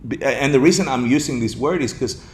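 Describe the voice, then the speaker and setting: A man from Argentina giving a dharma talk, telling a story in an animated, jokey way and laughing often. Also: medium pitch, brisk. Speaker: dharma teacher.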